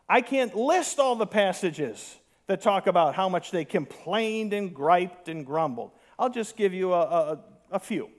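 High-voiced, animated male preacher. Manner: animated, sarcastic asides, mocking complainers' voices. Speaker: pastor. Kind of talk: sermon.

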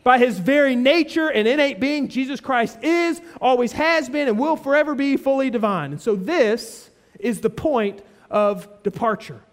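A man's voice: extremely high pitch, moderate pace, hardly any pauses. A man preaching an expository sermon, explaining a passage with earnest emphasis and frequent restating in other words.

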